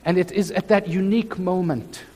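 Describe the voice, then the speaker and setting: A man preaching a sermon as pastor, speaking slowly and emphatically with drawn-out phrases. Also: high-pitched, fairly even intonation, mellow. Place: church sanctuary. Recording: church hall with long reverb.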